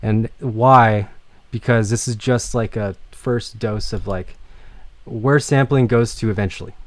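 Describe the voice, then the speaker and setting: A man's voice: on the low side, unhurried, no echo. A man teaching music production in a casual livestream lecture, rambling with many fillers and some swearing.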